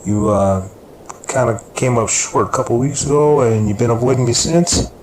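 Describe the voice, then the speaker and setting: A man's voice: medium pitch, normal speed, darkish tone, lightly acted. A man voicing a brutal, mocking neighborhood drug boss in a narrated story. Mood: menacing. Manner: menacing, mocking. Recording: echoey room with background noise.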